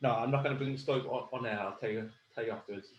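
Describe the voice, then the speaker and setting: A man's voice: medium pitch, steady tone, very fast, dull audio, a little hiss or hum. Laughing Sunderland man in an echoey room. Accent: Sunderland (Mackem). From Sunderland, England. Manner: laughing, rambling storyteller. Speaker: podcast co-host. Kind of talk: casual chat over beers. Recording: echoey room with faint ambience.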